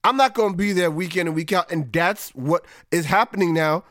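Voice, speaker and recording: A man's voice: high-pitched, brisk, fairly bright tone, no echo, clean studio sound. A man ranting casually about his team's struggles, frustrated and conversational, drawing out words for emphasis. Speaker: podcast host. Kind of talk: casual sports rant.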